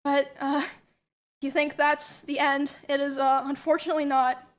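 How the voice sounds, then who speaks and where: A woman giving a recorded statement, speaking in a measured, halting way with frequent pauses and fillers. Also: high voice, level tone.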